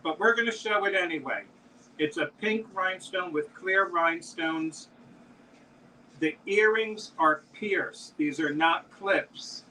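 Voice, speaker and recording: Slow, bright-voiced man hosting an auction. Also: high voice, far from the mic, slight background noise, poor audio. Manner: chatty, calls bids and describes items. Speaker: live-stream jewelry auction host. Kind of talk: live auction selling chat.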